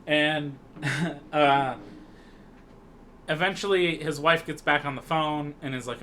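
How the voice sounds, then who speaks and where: A man's voice: on the high side, takes it slowly, pauses often, slight background noise. A man co-hosting a podcast, casually recapping a film scene by scene in a rambling way with lots of fillers. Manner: rambling, relaxed, many fillers and restarts. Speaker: podcast co-host.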